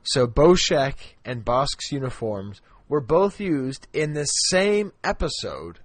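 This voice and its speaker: A man's voice: medium pitch, sing-song, slow pace, no room sound. Middle-aged guy co-hosting a podcast, rambly and chatty, lots of ums and restarts, dry close mic. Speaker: podcast co-host. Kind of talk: casual chat.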